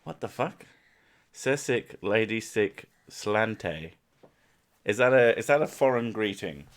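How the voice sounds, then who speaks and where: Young male streamer, low voice, unhurried, swears a lot, casual banter. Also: animated. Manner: sweary, jokey banter, laughs often. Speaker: stream host. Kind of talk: casual stream chat with co-host.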